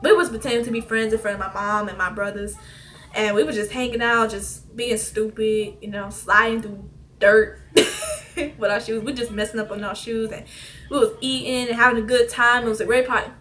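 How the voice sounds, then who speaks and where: A teenage girl casually telling a personal story on her vlog, animated and slangy, often laughing between lines. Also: a little high, a little fast. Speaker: vlogger.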